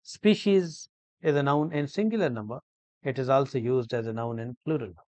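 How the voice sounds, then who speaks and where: A man teaching an English grammar lesson, explaining each word slowly and deliberately, with frequent hesitations and repeated phrases. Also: medium pitch, darkish tone, dry recording. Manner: slow, deliberate, repetitive explanation with many hesitations.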